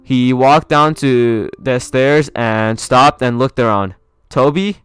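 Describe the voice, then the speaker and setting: Smooth-voiced man reading a fan story. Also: mid-range voice, no room sound, faint music behind. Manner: soft, steady, slightly halting. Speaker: fan fiction reader.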